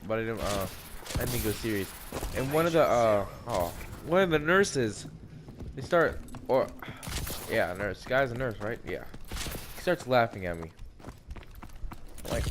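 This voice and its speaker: Teen guy rambling a story while he games, repeats words a lot, cusses at the game, bit of noise behind. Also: medium pitch. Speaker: gamer telling a story. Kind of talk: casual storytelling over gameplay.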